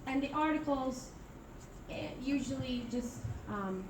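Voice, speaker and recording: The speaker is a young international student from Italy presenting in class. Her voice is high-pitched and measured, but she is hesitant, full of fillers, and keeps restarting. It was recorded at a distance in a noisy, echoey room.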